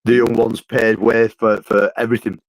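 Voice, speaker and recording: A man's voice: fairly low pitch, level tone, normal speed, vocal fry, dry recording, low-quality recording. A man in casual podcast chat, stammering through restarts and swearing freely. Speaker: podcast co-host.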